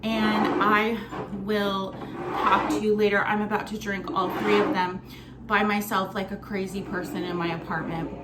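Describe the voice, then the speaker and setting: Her voice sits in the middle range with little pitch variation and a moderate pace, and there's background noise. A lounge bartender, she chats her way bubbly and casually through a home cocktail tutorial, swearing offhandedly. Music and a roomy echo fill the space of her apartment kitchen or bar area.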